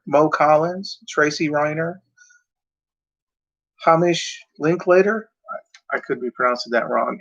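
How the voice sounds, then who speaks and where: A man's voice: on the high side, a bit bright. A man hosting his own video in casual talk to camera, rambling and hesitant, with many fillers and self-corrections. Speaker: video host. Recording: dull lo-fi sound.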